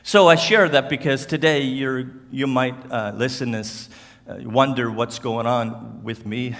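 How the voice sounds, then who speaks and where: A man from Cape Breton Island with a Cape Breton accent, speaking as a guest at church in a slow, halting way, with slurred words and restarts. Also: mid-range voice, creaky, fairly bright tone. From Cape Breton Island, Canada. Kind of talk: church talk to a congregation. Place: church hall. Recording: church hall reverb.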